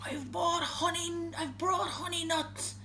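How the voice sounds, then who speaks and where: Lady doing a friendly badger from a storybook, soft and coaxing, kinda slow. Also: extremely high pitch, steady tone, slight background noise, full character voice. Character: friendly male badger sharing treats.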